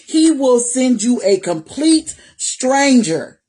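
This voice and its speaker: A woman's voice: medium pitch, expressive, unhurried, darkish tone. A woman vlogger speaking straight to her viewers in a personal testimony, faith-filled and encouraging, repeating phrases for emphasis. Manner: talks directly to viewers.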